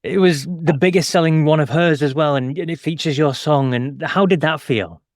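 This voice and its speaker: A man with a British accent interviewing a guest, moving briskly through leading questions. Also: a little high, no echo, studio quality.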